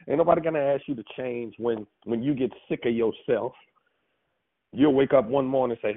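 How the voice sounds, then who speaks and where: A man, preaching as a pastor on a call line, animated and storytelling. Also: mid-range voice, a little slow, long pauses, slightly rough, dry recording. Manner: storytelling, animated, lively with asides. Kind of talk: sermon on a prayer call line. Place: phone call. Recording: tinny phone line, dry.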